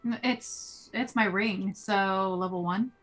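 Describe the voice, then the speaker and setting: A woman's voice: mid-range voice, takes it slowly, fairly bright tone. A woman playing a tabletop game, carefully explaining the moves her character makes. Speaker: player. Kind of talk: casual tabletop game talk.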